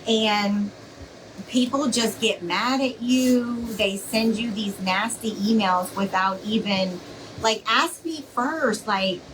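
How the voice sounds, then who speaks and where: A woman's voice: mid-range voice, slow pace, far from the mic, background noise. A woman hosting a casual craft live stream, chatty and reassuring, rambling with plenty of fillers as she talks to viewers.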